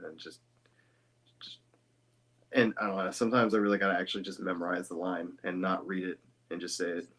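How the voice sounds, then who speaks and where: A man with a very deep voice that still sounds bright and forceful up front. He rambles loosely through a casual podcast chat, tossing in swears and side remarks. The talk stays relaxed and offhand. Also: quick pace. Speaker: guest voice actor.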